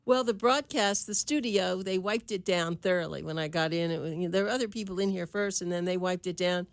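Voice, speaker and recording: A woman's voice: on the low side, no echo. An older woman hosting a radio talk show from a studio, chatty and easygoing. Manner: chatty, easygoing, quick to laugh. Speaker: radio host. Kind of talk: casual radio chat.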